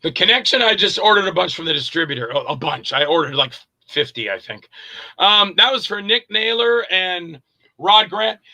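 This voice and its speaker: Man, middle-aged, interview guest, animated storyteller, high voice, very bright tone. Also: normal speed, no room sound, rough recording. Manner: animated, acts out quoted voices in his anecdotes. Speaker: guest actor and director.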